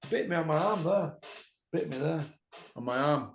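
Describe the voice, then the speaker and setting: A middle-aged man telling a rowdy story in casual chat, mouthy and quick to laugh. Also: a little high, expressive, highs cut off. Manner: mouthy, laughs a lot, slips into quoted voices. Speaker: podcast host. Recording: echoey room.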